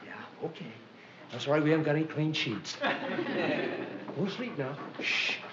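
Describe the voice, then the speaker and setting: A man's voice: a little high, expressive, normal speed, background noise, lightly acted. A man playing a flustered sitcom husband. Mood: coaxing. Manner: coaxing, comic pleading with a dog. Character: flustered good-natured young husband. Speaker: comedy writer husband in a sitcom. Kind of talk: 1960s sitcom acting. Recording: dull 1960s TV soundtrack with roomy echo and laugh track. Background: studio audience laughter.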